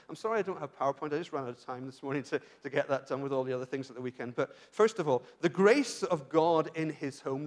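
British male pastor, high-pitched, earnest sermon delivery with frequent restarts. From Britain. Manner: earnest, asks rhetorical questions, frequent restarts.

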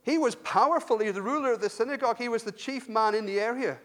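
Casual preacher with a notably high male voice, chatty and self-deprecating. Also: fast, fairly bright tone. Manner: conversational, repeats words, self-deprecating asides. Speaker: university lecturer. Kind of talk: sermon.

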